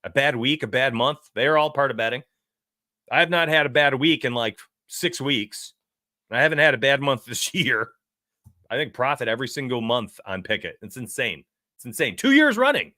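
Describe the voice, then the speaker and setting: A man's voice: medium pitch, expressive, normal speed, bright, forceful tone, no room sound, clean studio sound. A man hosting a sports betting livestream, rambling brashly and reading chat messages aloud. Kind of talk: casual livestream talk.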